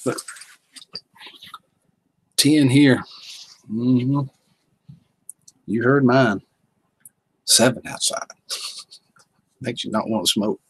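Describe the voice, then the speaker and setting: A man's voice: mid-range voice, extremely slow, long pauses, slightly rough, dry recording, low-quality recording. A man, hosting a casual livestream and reading out and answering viewer comments in a folksy way. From Southern United States. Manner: folksy, reads chat comments aloud. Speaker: livestream host.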